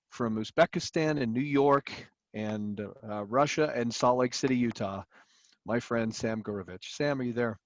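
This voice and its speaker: A man's voice: mid-range voice, no room sound. A middle-aged man introducing a guest on a video call, rambling with fillers and restarts. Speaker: host of a business call. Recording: dry, dull lo-fi call audio.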